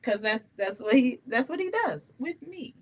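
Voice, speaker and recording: A woman hosting a live gospel radio show, talking to listeners in an animated, candid way and laughing often. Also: a little high, moderate pace, a little hiss or hum. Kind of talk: live-streamed radio talk, testimony.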